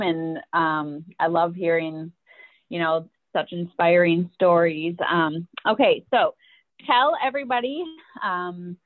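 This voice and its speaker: A woman's voice: medium pitch, dry recording, phone-quality sound. A woman co-hosting a podcast, thanking and wrapping up with a guest in an enthusiastic, gushing way. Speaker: podcast co-host. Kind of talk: casual interview chat.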